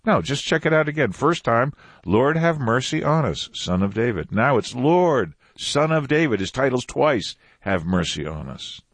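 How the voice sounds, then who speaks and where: Male preacher, conversational, animated pitch, emphatic repetition, dry recording. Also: normal speed, breathy edge, no echo. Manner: conversational, repeats phrases for emphasis. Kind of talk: Bible teaching.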